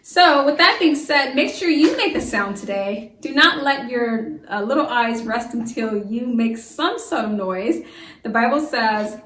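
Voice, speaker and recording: A woman teaching a science lesson to young children, lively and full of questions that she answers herself. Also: a little high, a little slow, far from the mic. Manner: lively, asks the class questions and answers them. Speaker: homeschool teacher. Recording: echoey room, voice from away from the mic.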